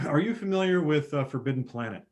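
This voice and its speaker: A man in casual chat, retelling movie scenes with animated bursts of excitement. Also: a little high, fast. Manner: animated storyteller, acts out film scenes with sudden loud bursts. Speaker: podcast guest.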